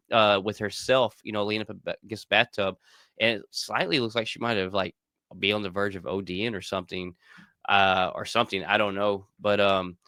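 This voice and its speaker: An excited man co-hosting a casual fan chat, his voice bright and forceful. He rambles and doubles back on his words, and sits close to a dry, deadened mic. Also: lowish voice, clean tone, no echo. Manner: excited, rambling, repeats himself. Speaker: podcast co-host.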